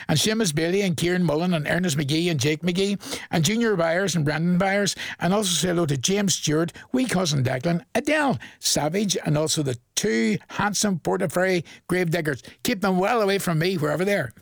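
A man with a Northern Irish accent presenting a radio request show, chatty and rambling as he reads out shout-outs and chuckles between them. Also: sits high, a little fast, creaky, no echo.

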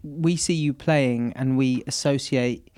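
A woman interviewer asking gentle, curious questions. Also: very deep voice, slow.

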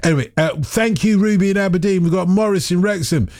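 A man's voice: high-pitched, quick pace, a little mellow, no echo, clean studio sound. A man hosting a radio phone-in, chatty and self-deprecating, drifting off on tangents. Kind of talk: casual radio phone-in chat.

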